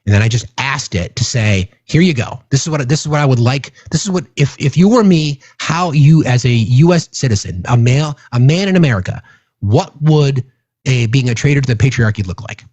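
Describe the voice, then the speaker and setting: Passionate, profane man with husky voice. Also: mid-range voice, lively intonation, brisk, a little mellow, no echo. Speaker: livestream host. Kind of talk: casual livestream talk to chat.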